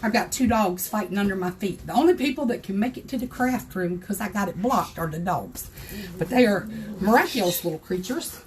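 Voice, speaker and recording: An older woman from South Carolina with a Southern accent, her voice hoarse, chatting in a folksy way as she hosts a crafting livestream tutorial from her home craft room. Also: mid-range voice, animated, a little fast, darkish tone. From South Carolina, USA. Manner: chatty, folksy, greets viewers by name.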